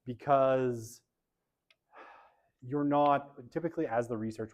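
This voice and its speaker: A man lecturing a university class in a casual, chatty way, often checking in with "right?" and poking fun at his own habits. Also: mid-range voice. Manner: chatty, self-deprecating, fills with "right?" and "okay".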